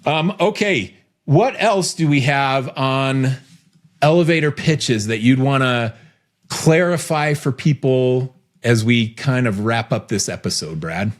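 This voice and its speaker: A man's voice: mid-range voice, takes it slowly. A man co-hosting a podcast, chatting in a friendly, upbeat way. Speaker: podcast co-host. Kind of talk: casual podcast chat.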